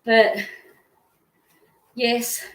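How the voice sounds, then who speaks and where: A Scottish woman from near Glasgow speaks very slowly in a roomy, low-quality recording. She's a fundraising vlogger on a live stream, chatting and answering viewer comments out loud with frequent laughs as she cycles.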